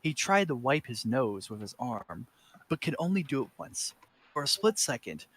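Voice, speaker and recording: Brief: man, medium pitch, dramatic comedic narration, trips over words and corrects himself. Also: big pitch swings, moderate pace, a bit bright. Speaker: reader. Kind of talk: comedic fanfiction reading.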